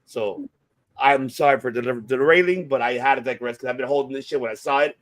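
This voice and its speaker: A man co-hosting a casual wrestling debate podcast, ranting heatedly with lots of swearing and sudden swings in loudness. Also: mid-range voice, fast. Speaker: podcast co-host.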